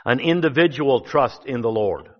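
A man's voice: mid-range voice, expressive, moderate pace. Folksy preaching man in a reverberant church. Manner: folksy preaching, rising to emphatic bursts. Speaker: pastor. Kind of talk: sermon. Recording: dull sound with long church reverb.

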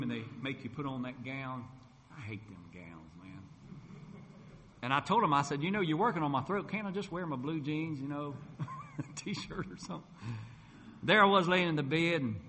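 A man's voice: medium pitch, fairly bright tone. A middle-aged man, a gospel singer and preacher, telling his personal testimony in a folksy storytelling way. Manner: folksy storytelling, acts out quoted voices. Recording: long hall reverb.

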